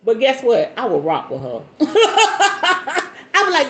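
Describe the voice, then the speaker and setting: A woman's voice: sits high, takes it slowly. A woman hosting a podcast, reading a book aloud and breaking off into playful, casual commentary. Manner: animated, playful asides between read passages. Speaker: podcast host.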